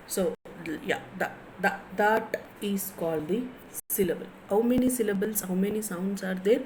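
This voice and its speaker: A woman's voice: medium pitch, moderate pace, a little mellow, a little hiss or hum, low-quality recording. A woman, giving a classroom lecture on pronunciation, often repeating herself and asking the class questions. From India. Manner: repeats points, asks the class rhetorical questions. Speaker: English lecturer.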